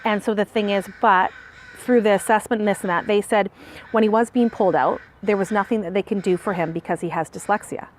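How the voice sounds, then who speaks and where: A woman's voice: medium pitch, a little fast, slight background noise. A mother being interviewed for a documentary, talking through her son's schooling and getting emotional as she recalls it. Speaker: parent of a student.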